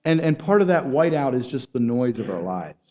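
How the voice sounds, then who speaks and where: A man's voice: medium pitch, big pitch swings, fairly quick, mellow, dull audio. A man preaching a sermon, earnest and building in intensity, often repeating words and restarting phrases as he goes.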